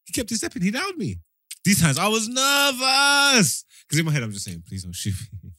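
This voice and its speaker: A young man telling a story in casual chat, animated and slangy, often laughing and acting out quotes. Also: sits high, a little fast, no room sound.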